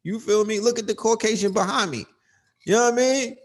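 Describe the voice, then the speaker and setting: A man's voice: sits high, fairly quick. A man hosting a livestream, ranting in an emphatic, profane, casual way, often asking "you know what I mean.". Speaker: livestream host.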